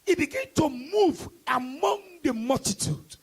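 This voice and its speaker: Nigerian male evangelist, high gravelly voice, passionate sermon that swings into shouted decrees. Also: very animated, measured pace. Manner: impassioned preaching, rising to shouted declarations. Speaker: evangelist preacher. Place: church service hall.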